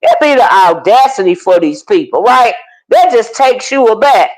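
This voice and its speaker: Her voice is on the high side and moves at a moderate pace, though the recording quality is poor. She's a commentary channel host running a laid-back stream, animatedly chatting with viewers by name as she reacts to internet drama.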